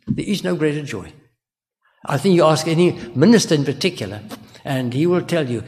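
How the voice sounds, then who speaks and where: An older male minister delivers an earnest sermon, asking the congregation question after question. His voice sits a bit higher than most men's. A long reverb trails every phrase. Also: a little mellow.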